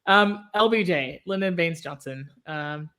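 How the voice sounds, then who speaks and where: A woman's voice: on the low side, measured pace, pushed and bright. A woman from Texas co-hosting a podcast, chatting casually with plenty of ums and easy laughter. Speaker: podcast co-host. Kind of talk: casual chat.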